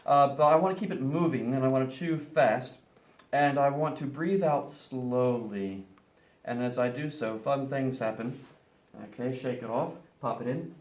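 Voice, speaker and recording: A man's voice: mid-range voice, normal speed, a little mellow, roomy sound. A man teaching a class, playfully explaining each step of a science demonstration to students.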